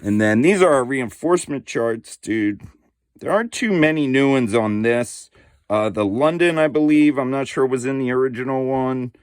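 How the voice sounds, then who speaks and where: A man's voice: mid-range voice, moderate pace, clear, resonant tone, no room sound, clean studio sound. A middle-aged man hosting a board game channel, talking casually and slangily with many fillers as he shows off a game. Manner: laid-back, slangy, lots of fillers and "dude". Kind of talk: casual unboxing show-and-tell.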